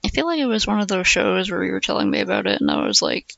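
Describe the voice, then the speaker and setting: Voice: medium pitch, quick pace, vocal fry, fairly bright tone, no room sound, dull audio. A streamer chatting casually and reading aloud, musing with lots of fillers and hums.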